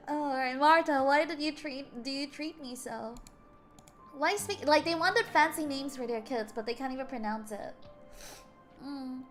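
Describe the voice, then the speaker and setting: A young woman with a high voice streams a game, reading its dialogue aloud and breaking into chatty, animated stories. She trips over words and laughs often. Faint game music plays softly behind her. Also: a little slow. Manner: animated storytelling.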